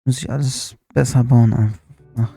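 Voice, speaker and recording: A man's voice: medium pitch, fairly even intonation, normal speed, creaky, dark tone, faint music behind. A man streaming a live reaction, chatting casually with asides while he watches a video.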